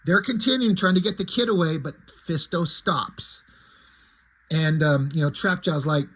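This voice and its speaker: Husky man recapping his comic. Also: a little high, normal speed, a bit bright, rough recording. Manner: loose, rambling with fillers. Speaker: comic creator. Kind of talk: casual story recap.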